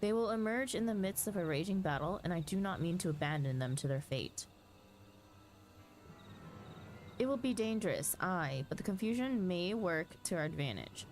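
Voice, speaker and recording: A woman voicing an earnest young male strategist who lays out plans in a measured, urgent way. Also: on the low side, animated, soft background music. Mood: resolute. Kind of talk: reading game dialogue aloud.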